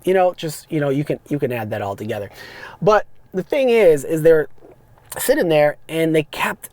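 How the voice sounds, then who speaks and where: Animated man telling stories in his car. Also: on the high side, normal speed, dry recording. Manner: animated, rambling, frequent restarts and fillers. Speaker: podcast host, rideshare driver. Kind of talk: casual storytelling monologue. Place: parked car.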